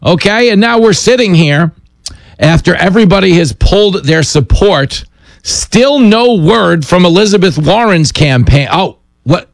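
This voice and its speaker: A man's voice: sits high, animated, unhurried, creaky, no room sound. A man hosting a talk radio show, sarcastic and mocking as he comments and takes calls. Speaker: radio host.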